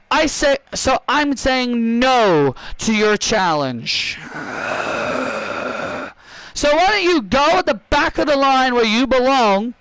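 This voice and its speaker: An arrogant woman wrestling champion, as a man voices her, brushes off a challenger with scorn. The voice is very high and the pace slow and heavy. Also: fairly bright tone, clear, resonant tone, dry recording, full character voice, rough recording. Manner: dismissive, scolding. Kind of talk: voicing wrestlers over a video game.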